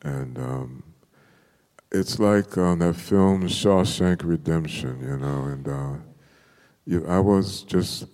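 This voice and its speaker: A man's voice: sits low, slow, long reverb tail. An older man, a poet, telling stories from his life in an interview, acting out quotes and laughing as he goes. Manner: animated storyteller, acts out quotes with laughter. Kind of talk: storytelling in an interview.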